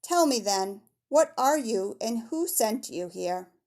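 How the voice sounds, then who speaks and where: Lady reading a worried young mom, earnest and raised, a bit higher than her own voice. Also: lively intonation, slow, a little mellow. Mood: urgent. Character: troubled young Puritan mother, earnest and anxious.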